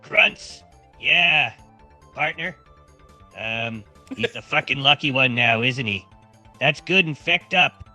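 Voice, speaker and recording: Brief: man as a bright-voiced AI co-host, folksy, reads stage directions aloud. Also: medium pitch, slow, long pauses, faint music behind. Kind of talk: casual commentary.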